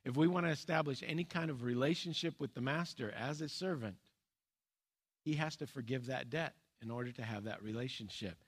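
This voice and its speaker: A man preaching a sermon in an earnest, plain-spoken way. His voice sits at an ordinary middle pitch, and he often pauses and restarts. He lets key points fall low and soft. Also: slightly rough. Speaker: pastor.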